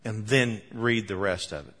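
Bright-voiced preacher in a reverberant hall. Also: male voice, fairly low pitch, moderate pace. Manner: animated storytelling with chuckles and sudden emphatic bursts. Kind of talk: sermon.

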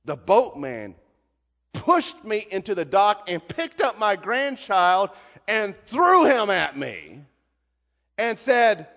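High-voiced emphatic male preacher. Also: wildly swooping pitch, takes it slowly. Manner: emphatic, swings from hushed to shouting. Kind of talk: sermon. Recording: dull reverberant hall recording.

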